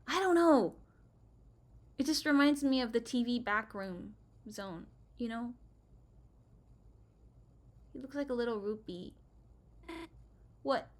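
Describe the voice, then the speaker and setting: A woman's voice: fairly high pitch, takes it slowly, long pauses. Chatty, rambling woman gaming host. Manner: rambling, chatty, with frequent fillers and laughs; swings between loud outbursts and quiet muttering. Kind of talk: casual let's play commentary.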